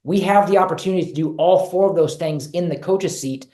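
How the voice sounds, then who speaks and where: A man's voice: high voice, fairly quick, mellow, reverberant. A man presenting in a leadership webinar, talking earnestly and repeating key phrases for emphasis over a video call. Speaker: guest speaker on leadership.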